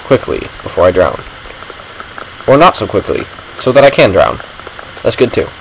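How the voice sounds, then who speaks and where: A man's voice: on the low side, big pitch swings, normal speed, creaky, a little hiss or hum, low-quality recording. A man giving rambling, self-mocking commentary while playing a video game. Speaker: gaming vlogger. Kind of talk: casual gameplay commentary.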